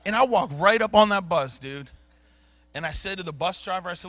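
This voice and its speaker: A man preaching a sermon, telling stories in casual slang and swinging from low mutters to loud bursts. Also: lively intonation, brisk, no room sound. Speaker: pastor. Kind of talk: sermon storytelling. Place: church sanctuary.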